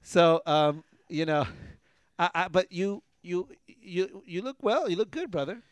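A man co-hosts a casual talk show recorded in a garage. He rambles and trips over his words, repeating himself as he goes. His voice sits slightly high and sounds close and dry. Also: unhurried, smooth, no echo. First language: Spanish. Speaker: podcast co-host. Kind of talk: casual chat. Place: garage studio.

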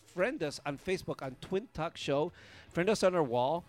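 An upbeat, chatty male podcast co-host with a slightly high voice. He talks casually over faint background music. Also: expressive, normal speed. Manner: upbeat, reads out listener messages.

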